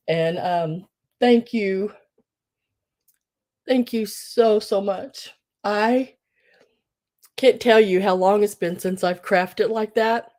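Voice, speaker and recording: A woman hosting a live online sale, tearful and crying as she talks, emotional and grateful, halting between her words. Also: mid-range voice, a little mellow. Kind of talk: live-streamed auction chat.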